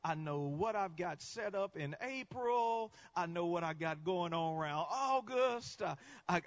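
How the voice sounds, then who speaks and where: A male guest preacher delivering a sermon, swinging between quiet teaching and shouted climaxes. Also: high voice, expressive, a little slow, hardly any pauses, lo-fi sound.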